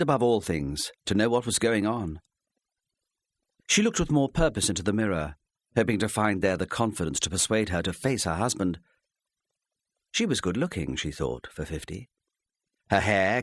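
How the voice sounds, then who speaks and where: A man narrating an audiobook in a measured, expressive storytelling manner on a close studio mic. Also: lowish voice, no echo.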